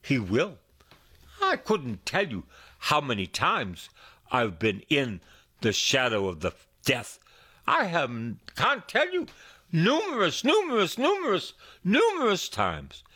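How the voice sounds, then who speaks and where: A middle-aged man preaching a sermon as a priest, with emphatic repetition and wide swings of his voice. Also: fairly bright tone. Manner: slow, sweeping pitch swings with emphatic repetition.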